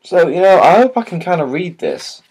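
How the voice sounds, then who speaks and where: A man's voice: sits high, big pitch swings, moderate pace, a little mellow, a little hiss or hum. Rambling man unboxing a book. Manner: rambling, hesitant, many fillers and restarts. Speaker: vlogger. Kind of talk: casual book unboxing chat.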